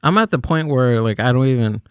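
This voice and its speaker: A man in casual podcast talk, halting and searching for his words. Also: medium pitch, lively intonation, clean tone, no echo, clean studio sound.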